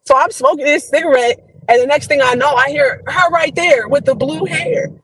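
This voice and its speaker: A young adult woman, a podcast guest, telling a story in an animated, profane, slangy way. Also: high voice, normal speed, low-quality recording. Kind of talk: casual storytelling chat.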